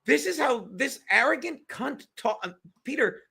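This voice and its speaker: A man's voice: very high-pitched, lively intonation, normal speed, gravelly, sharp tone, slightly rough. A man co-hosting a podcast in casual political chat, profane, rambling and combative. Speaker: podcast co-host.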